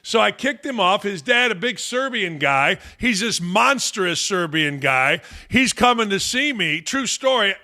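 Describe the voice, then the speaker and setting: A man's voice: high voice, lively intonation, a little slow, few pauses, pushed and bright. An older man hosting a live fan Q&A stream, talking in a brash, profane, rambling way and telling stories. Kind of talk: casual live-stream chat.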